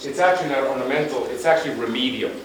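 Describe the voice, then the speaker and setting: Rapid-fire and mid-range in pitch, a guy delivers an urban planning slide talk as a conference guest lecturer. His style is emphatic, conversational and blunt in its asides; the mic sits far away in a very echoey room with a faint background noise.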